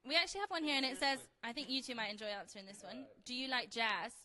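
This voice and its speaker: A woman with a bright, slightly high voice hosting a casual livestream interview. She is upbeat and reads out fan questions. Her tone stays light. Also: quick pace. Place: London, indoors.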